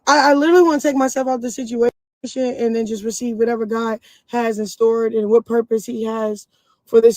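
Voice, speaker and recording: A mother with a fairly high voice speaks in an emotional livestream clip, captured in a dry, rough recording. She rambles earnestly, apologizing and talking about her son.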